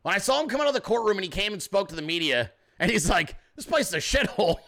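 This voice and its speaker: A man hosting a podcast, with a high, bright voice that swings widely in pitch. He talks casually and profanely, cracking jokes and slipping into quick impressions of other people. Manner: profane, joking, animated mimicry of others. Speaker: podcast host. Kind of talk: casual political commentary.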